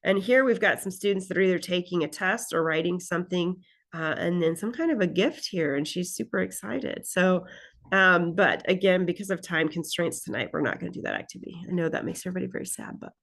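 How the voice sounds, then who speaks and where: A woman teaching a college English class, talking in a relaxed, conversational way and often checking in with "right?" and "okay?". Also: on the low side, brisk, creaky. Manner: reads example lines aloud expressively. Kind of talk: recorded class lecture recap.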